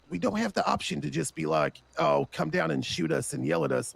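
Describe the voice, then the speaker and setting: A man's voice: a little high, a little fast, vocal fry, breathy edge. A man speaking in character in a gang roleplay, urgent and insistent, swearing often and pressing his point.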